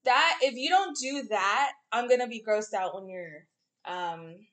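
Young woman podcast co-host, fairly high voice, blunt and animated, acts out quotes. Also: a little slow. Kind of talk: casual chat.

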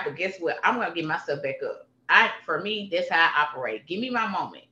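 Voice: medium pitch, expressive, brisk, pushed and bright. A guest talking candidly and emphatically in a casual conversation, repeating phrases for punch. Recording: roomy, slightly dull sound.

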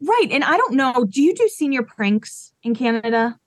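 A woman's voice: sits high, big pitch swings, normal speed, no room sound, clean studio sound. Frank thirtysomething woman from Massachusetts. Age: 30s. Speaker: podcast guest. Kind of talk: casual chat.

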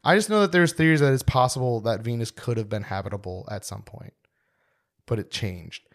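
A young man co-hosts a podcast in loose, casual chat, cracking jokes and laughing easily. His voice sits at an ordinary middle pitch for a man. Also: fairly quick. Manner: joking, laughs often. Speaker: podcast co-host.

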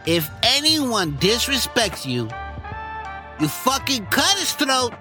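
A squeaky, cartoonish little mobster, narcissistic and hot-headed, swearing his way through every line of a comedy radio skit. His voice sits very high and leaps all over the place. Hip hop music thumps behind him. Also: very animated, slow pace, exaggerated voice. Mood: angry bickering. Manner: crude, foul-mouthed, bickering.

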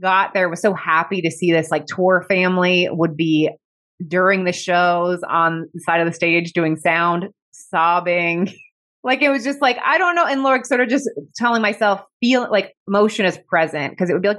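A woman speaks as a guest in a conversation, recounting her own experience openly. Her voice sits a bit low for a woman. She talks in a candid, reflective way, leaning on "like" as she gathers her thoughts, with emotion close to the surface. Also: normal speed, a bit bright. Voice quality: emotional, close to tears at times. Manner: candid and reflective, heavy use of "like". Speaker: podcast guest. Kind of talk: personal storytelling in conversation.

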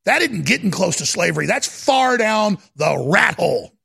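A man hosting a talk radio show, ranting fiercely and stammering as he swings from shouting to low muttering. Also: very animated, normal speed, vocal fry, slightly rough. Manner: fiery, stammering restarts.

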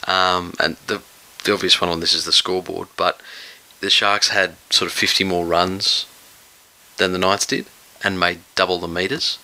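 A man co-hosting a casual sports chat, talking in a measured, agreeable way and leaning on stats. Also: low voice, little pitch movement, sharp tone, rough recording. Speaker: podcast co-host.

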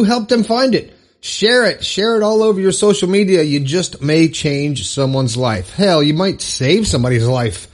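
Upbeat casual male podcast host. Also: fairly high pitch. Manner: casual, upbeat, rambling with fillers. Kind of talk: solo motivational podcast monologue.

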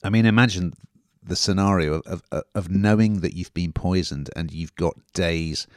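A man's voice: deep voice, moderate pace, no echo, clean studio sound. A man hosting a podcast, reviewing a TV drama in a chatty, rambling way. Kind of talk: casual review chat.

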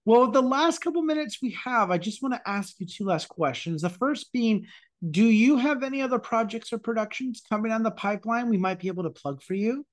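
A man's voice: very high-pitched, expressive, a little fast. A man hosting a podcast, responding appreciatively to his guest and asking questions. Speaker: podcast host. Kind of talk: conversational interview.

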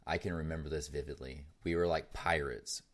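A man's voice: rumbling low, steady tone, fairly quick. A man in his twenties co-hosting a podcast, chatting casually, rambling with laughs and swearing. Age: 20s. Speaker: podcast co-host. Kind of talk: casual chat. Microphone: desk mic setup.

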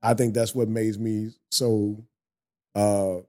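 Animated, swearing barber man. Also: fairly low pitch, slow pace, slight background noise. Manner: animated, preachy storyteller who swears freely. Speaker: barber, podcast guest. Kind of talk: casual podcast conversation.

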